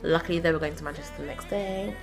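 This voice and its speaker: A young woman telling a personal story in a chatty, animated vlog, laughing often. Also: low-pitched, fast talker, faint music behind. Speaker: vlogger.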